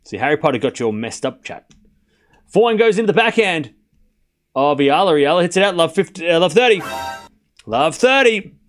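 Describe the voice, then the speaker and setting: A man's voice: on the high side, expressive, fairly quick, faint music behind. A man livestreaming casual tennis play-by-play, calling scores and bantering animatedly with his chat.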